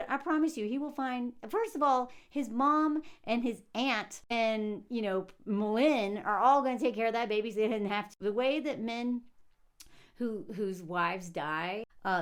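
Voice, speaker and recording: A young woman giving casual, sarcastic commentary on a film, animated and acting out quotes. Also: fairly high pitch. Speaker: movie commentator.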